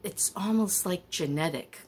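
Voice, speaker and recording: A middle-aged woman telling stories in a chatty, wandering way with animated asides. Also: fairly low pitch, unhurried, slight background noise. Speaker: vlogger. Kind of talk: casual storytelling.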